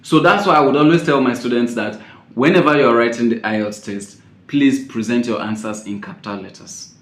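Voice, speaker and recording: A man giving a spoken tips lesson as an exam-prep teacher, repeating his key points and stressing words with sudden loud jumps. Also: medium pitch, moderate pace. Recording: roomy echo.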